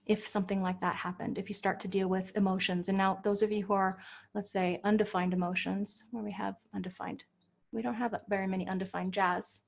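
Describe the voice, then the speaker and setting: A woman coach leading a live group session, gently guiding listeners into their feelings and explaining. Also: medium pitch, little pitch movement, gravelly. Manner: soothing, guiding, speaks slowly when leading feelings. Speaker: Human Design coach.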